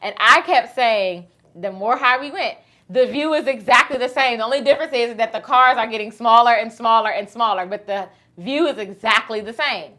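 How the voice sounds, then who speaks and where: Bright, animated woman host storyteller. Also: a little high, moderate pace. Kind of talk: casual chat.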